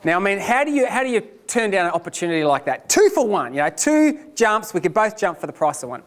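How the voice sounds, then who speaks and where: A man giving a lecture, telling a personal story in an animated, self-deprecating way. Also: sits high, fast.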